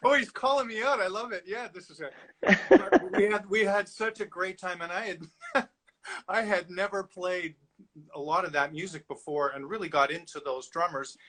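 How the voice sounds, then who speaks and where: Male host, bright higher voice, enthusiastic, chatty interview chat. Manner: enthusiastic, quick to praise, chatty.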